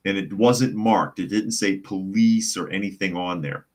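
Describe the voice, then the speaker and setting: A man with a low, deep voice hosts a live podcast in a loose, casual way. He reads viewer comments aloud and drifts into rambling stories, acting out the other people's voices as he goes. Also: moderate pace, darkish tone. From United States. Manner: rambling storyteller, acts out quoted voices. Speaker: podcast host.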